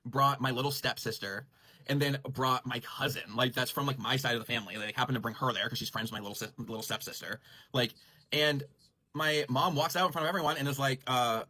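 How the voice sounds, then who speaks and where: A man's voice: medium pitch, fairly quick, bright, forceful tone. A man casually telling a rambling story about his grooming salon, full of "like" and self-corrections. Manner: rambling, heavy use of "like", frequent self-corrections.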